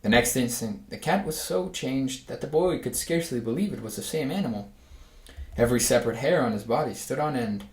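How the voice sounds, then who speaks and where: A man reads a children's storybook aloud at an easy, measured pace, with a voice pitched in the middle range. The room around him is echoey. He livens up the reading with voices for the animals. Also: animated, a little mellow.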